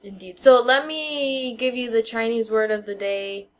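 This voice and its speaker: A woman's voice: fairly high pitch, measured pace. Chatty woman podcast co-host. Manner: chatty, lots of "like" and "you know" fillers. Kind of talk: casual chat.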